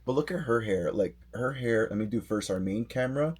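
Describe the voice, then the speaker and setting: A middle-aged man co-hosting a live doll-collecting stream from his home office, reading viewer comments aloud with excited, animated greetings. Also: medium pitch, a little fast. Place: home office full of dolls.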